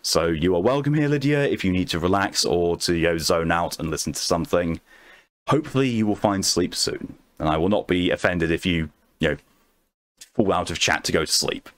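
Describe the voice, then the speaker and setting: A man streaming a game late at night, chatting calmly with his chat and answering messages in a soothing tone. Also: sits low, fairly quick. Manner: calm, soothing voice meant to lull viewers to sleep.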